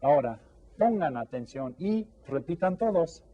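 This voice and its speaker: A man teaching an elementary language lesson, drawing out each new word slowly and coaxing the class with friendly questions. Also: on the high side, lively intonation, highs cut off. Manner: slow, drawn-out repetition of vocabulary for students. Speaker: Spanish teacher.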